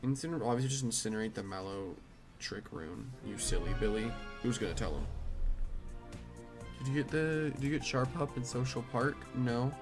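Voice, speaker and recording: A man's voice: mid-range voice, fairly quick. A tired young man answering chat questions offhand while he streams a game. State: tired, flat. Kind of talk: casual live-stream chat. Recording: game music behind the voice.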